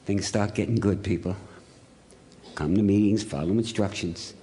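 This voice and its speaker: A man from Ohio telling his recovery story to a meeting, blunt and gruff, swearing freely as he acts out the scenes. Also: on the low side, moderate pace, dark tone, a little hiss or hum. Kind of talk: storytelling talk to an audience.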